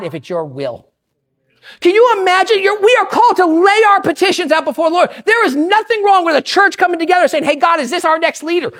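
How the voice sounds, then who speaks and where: A woman pastor preaching a sermon in an animated way, swinging between loud bursts and hushed asides. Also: very high-pitched.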